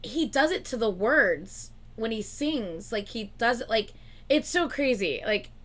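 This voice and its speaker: A woman's voice: fairly high pitch, lively intonation, unhurried. A woman reacting on a live stream in casual chat, gushing and giggly, swearing freely.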